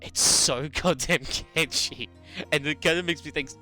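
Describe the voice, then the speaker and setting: A man in his twenties with a New Zealand accent, chatting casually to his stream viewers, animated storytelling and laughing often. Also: fairly high pitch, normal speed, soft background music. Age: 20s. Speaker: game streamer. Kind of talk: casual chat with live chat.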